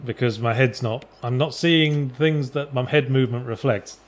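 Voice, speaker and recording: Man, let's play host, casual chat, dry, sardonic, medium pitch. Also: moderate pace, a little hiss or hum. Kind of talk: casual gaming commentary chat.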